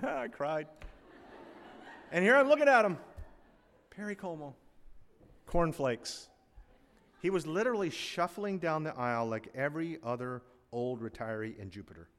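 An older man preaches in a church sanctuary, his voice neither high nor low. He is animated, swinging between loud emphatic lines and quiet asides. The sound trails off in the long reverb of a large hall. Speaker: pastor. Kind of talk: sermon.

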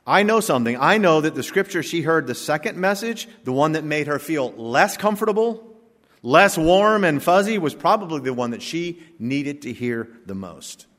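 A man's voice: fairly high pitch, big pitch swings, normal speed, a bit bright. A male pastor giving a sermon, preaching emphatically with joking asides in a church sanctuary. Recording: long reverb of a church hall.

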